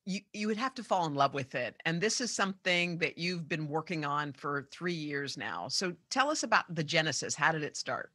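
Bright-voiced woman talk show host. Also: low-pitched, lively intonation, moderate pace, few pauses. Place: television studio.

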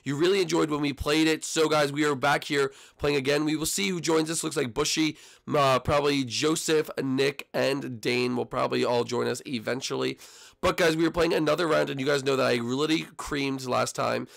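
A young man hosting his gaming channel, giving excitable, trash-talking commentary on his own play. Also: a little high, normal speed, gravelly.

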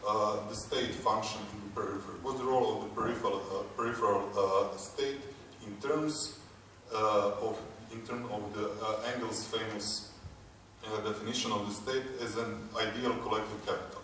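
A man from Croatia giving an academic conference talk, hesitant and halting, with many fillers. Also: fairly low pitch, steady tone, a bit bright. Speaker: conference speaker. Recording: echoey hall, distant mic, background noise.

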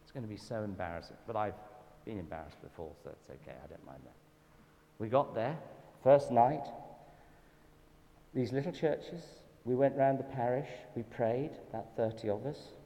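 Lively Southern English man preaching in a hall. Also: mid-range voice, normal speed. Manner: lively anecdotal storytelling, self-deprecating. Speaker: guest speaker at a church event. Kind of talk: storytelling sermon talk. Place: church hall. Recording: reverberant hall with faint background noise.

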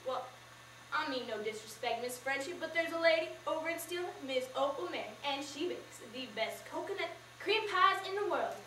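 A young woman voicing a polite, sly young male salesman who drawls slowly and hesitantly, recorded from far off in an echoey room. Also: high-pitched, animated, bright, forceful tone, slight background noise.

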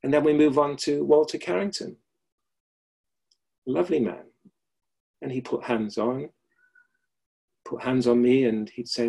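A man's voice: mid-range voice, fairly even intonation, unhurried, creaky, long pauses, dark tone, slightly rough. A middle-aged man teaching the Alexander Technique in a webinar, reflective and repeating key phrases for emphasis, heard over a video call. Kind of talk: webinar lecture with anecdotes.

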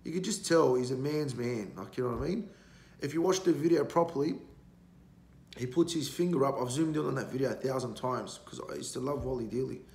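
Man, podcast guest, gravelly and foul-mouthed, rambling storyteller, roomy echo. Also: medium pitch, fairly quick, a little mellow. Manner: blunt, heavily profane, rambling. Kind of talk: casual storytelling. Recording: roomy echo, faint background noise.

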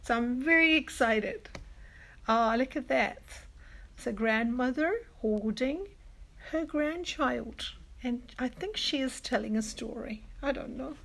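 Daycare lady reading a picture book, slow, explaining words, high voice. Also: gravelly, fairly bright tone. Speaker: childcare educator.

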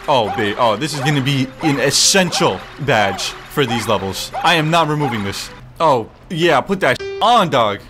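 A man giving excitable, joking let's-play commentary, swearing often and talking to the game as he plays. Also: fairly high pitch. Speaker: gaming streamer. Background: game music.

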